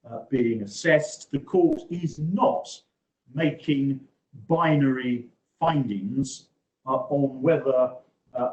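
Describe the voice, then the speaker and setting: A male barrister making formal courtroom submissions over a video call, measured and hesitant, pausing often on "uh". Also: medium pitch, darkish tone. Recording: echoey room over video link.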